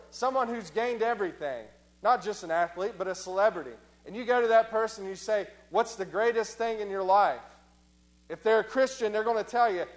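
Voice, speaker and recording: A man preaching in a high voice, repeating his points and slowing down for emphasis. He answers imagined objections from his listeners. Faint music plays underneath. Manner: repeats phrases for emphasis, slows on key lines. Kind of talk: sermon.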